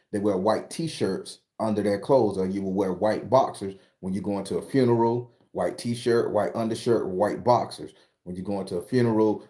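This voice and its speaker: A man from Florida, hosting a casual live chat and telling stories in a profane, animated way. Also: on the low side. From southern Florida. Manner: profane, animated storyteller reading out viewer comments. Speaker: host.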